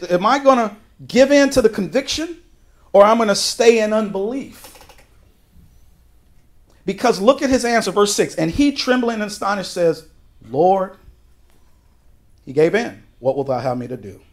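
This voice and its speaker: Guy pastor with a high voice doing a chatty bible study, gets loud then drops real quiet. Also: animated, normal speed, long pauses. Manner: conversational, with folksy asides and quoted voices; emphatic, with sudden drops to a quiet voice. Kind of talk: verse-by-verse Bible teaching.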